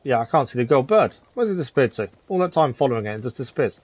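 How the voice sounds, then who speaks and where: A man chats through a live gaming stream, friendly and rambling as he reads out viewers' messages. His voice sits in a middle pitch, recorded close and dry with no room echo. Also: very animated, racing, slightly rough, muffled recording. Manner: chatty, friendly, reads chat aloud, says "to be fair" often. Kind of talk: casual gameplay commentary, chatting with viewers.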